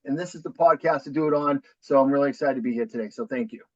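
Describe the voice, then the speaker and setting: Speaking fast in a medium-pitched, darkish voice, a man in his forties from New Hampshire tells his story as a podcast guest in a casual interview. He has a thick Boston accent and comes across as upbeat, chatty and self-deprecating, and the lo-fi recording has no echo.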